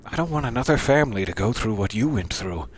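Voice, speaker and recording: Dude playing a creepy fake-nice doctor, soft and low. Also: male voice, expressive, quick pace, slightly rough. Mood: persuasive. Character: smooth, sinister male clinic doctor, falsely sympathetic.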